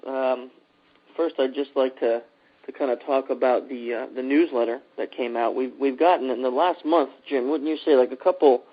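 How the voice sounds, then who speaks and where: A man's voice: mid-range voice, steady tone, normal speed, highs cut off. Joking podcast host, man. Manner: loose and joking, many fillers. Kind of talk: casual podcast chat.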